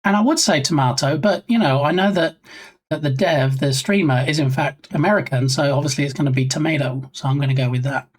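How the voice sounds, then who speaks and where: A man's voice: a little high, a little fast. Chatty British man streaming. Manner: chatty, reads chat aloud. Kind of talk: casual live-stream chat.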